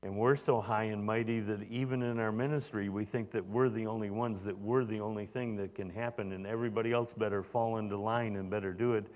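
A man with a fairly low voice preaches a sermon as the pastor. He talks loosely and conversationally, with many fillers and restarted phrases. His voice carries the long reverb of a large church hall. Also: steady tone, a little fast, few pauses, darkish tone.

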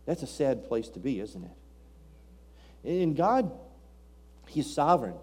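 A man's voice: medium pitch, big pitch swings, a little slow, a little mellow, slightly rough. A man preaching a sermon, reading scripture aloud and asking rhetorical questions with rising emphasis. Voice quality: King James scripture reading.

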